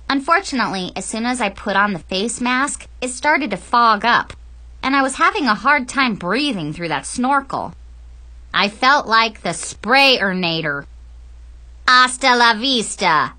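A young woman narrates a funny first-person story with a clear, bright tone. Her pitch leaps and dips with every comic turn. She takes her time, letting each line land. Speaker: audiobook narrator.

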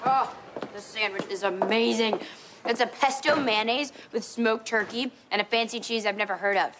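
Actress doing a sarcastic teen girl, higher voice, teasing, noisy sitcom set. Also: moderate pace, natural voice. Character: sarcastic teenage girl, mischievous. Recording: sitcom set with background noise.

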